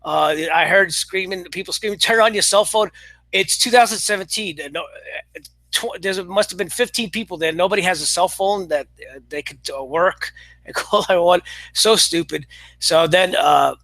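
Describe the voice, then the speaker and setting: A high-voiced man with a bright, tense tone gives a casual review monologue, sounding exasperated and sarcastic. He talks in halting bursts, stumbling over restarts and fillers. The sound is dry and close, with no room around it. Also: gravelly, no echo. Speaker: wrestling commentator.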